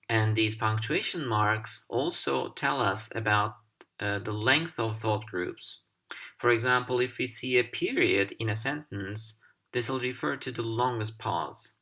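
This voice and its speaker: Male teacher, first language Turkish, slow and deliberate delivery, clear articulation for a video lesson. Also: medium pitch, bright, forceful tone.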